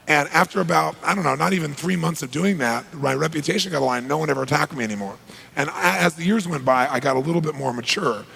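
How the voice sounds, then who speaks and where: A man's voice: mid-range voice, creaky, fairly bright tone, breathy edge, poor audio. A man giving a motivational talk, telling a story with emphatic, punchy delivery and acting out conversations. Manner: emphatic, punchy, acts out quoted exchanges. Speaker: motivational speaker.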